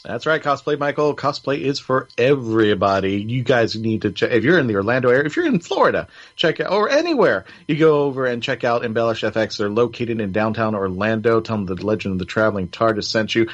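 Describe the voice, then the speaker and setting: A man's voice: medium pitch, lively intonation, a little fast, hardly any pauses. A man hosting a casual review show, rambling with many restarts and fillers. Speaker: podcast host. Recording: slightly dull lo-fi audio.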